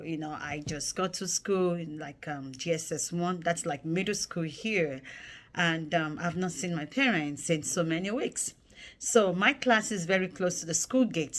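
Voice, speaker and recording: A woman speaking earnestly in a personal storytelling vlog, turning animated as she acts out memories. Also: deep voice. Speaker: vlogger.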